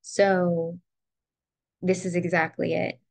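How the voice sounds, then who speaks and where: A young woman talking to the camera in a reflective personal vlog, soft and heartfelt, near tears at times. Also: lowish voice, steady tone, slow pace, no echo. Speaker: vlogger. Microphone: ring light setup, camera close to face.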